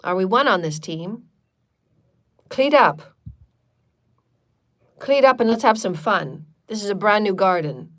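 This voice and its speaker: A woman hosting a live channeled spiritual talk, speaking in repetitive, chant-like affirmations and loose, chatty asides. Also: fairly low pitch. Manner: chatty and loose, with frequent fillers.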